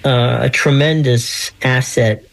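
A man in his sixties calls in as a guest and wanders through his stories. He restarts his sentences often and slips small laughs into what he says. His voice has a plain middle pitch and comes over a phone line. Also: steady tone, slow pace, creaky, a bit bright. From Pennsylvania. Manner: rambling storyteller, many restarts, laughs often. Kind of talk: casual chat.

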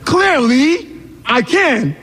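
A young man with a Ghanaian accent delivers spoken word poetry. His voice sits unusually high, and his delivery is impassioned and rhythmic, often rising to shouts. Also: expressive, extremely slow. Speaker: poet.

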